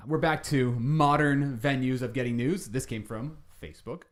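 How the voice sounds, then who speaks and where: A man's voice: medium pitch, big pitch swings, a little slow. A man co-hosting a podcast, joking dryly in casual chat and reading out news stories. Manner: dry, joking, reads news stories aloud. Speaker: podcast co-host.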